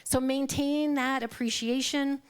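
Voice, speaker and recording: In a church sanctuary, a middle-aged woman minister delivers a live sermon in a voice that sits high, with a steady tone and measured pace. Her style is conversational storytelling, with quotes acted out and frequent laughter.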